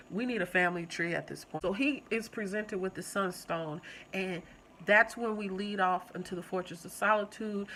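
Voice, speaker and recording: A young adult woman hosting her own channel, casually reviewing a TV episode and talking straight to her viewers in an animated, chatty way. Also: fairly low pitch, a little hiss or hum, low-quality recording.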